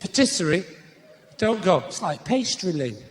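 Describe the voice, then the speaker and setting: A man with a Northern English accent doing live stand-up comedy in a theatre, chatting with the audience and shouting his punchlines. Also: high-pitched, normal speed. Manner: animated, shouting punchlines, acting out voices. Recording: live theatre recording with faint room noise.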